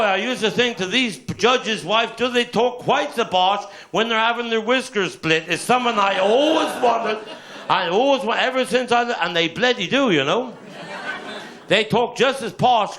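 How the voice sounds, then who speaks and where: A man's voice: sits high, lively intonation, moderate pace, a bit bright, a little hiss or hum. A man with a Cornish accent telling rambling, bawdy stand-up stories in broad dialect at a live show. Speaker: comedian. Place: live show before an audience. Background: audience laughter.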